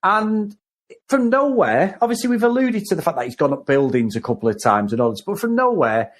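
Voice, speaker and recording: Excitable higher-voiced man. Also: fairly quick. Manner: excitable, laughing, rambling. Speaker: podcast co-host. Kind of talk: casual film review chat.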